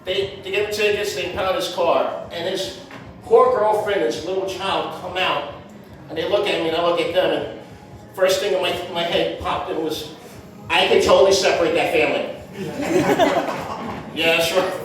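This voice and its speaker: A man's voice: high-pitched, expressive, moderate pace, pauses often, fairly bright tone. A man doing a stand-up set in a comedy club, brash and conversational, tossing in "man" and "right?" as he goes. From Puerto Rican heritage. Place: comedy club stage with audience laughter. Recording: echoey club, heard from far off.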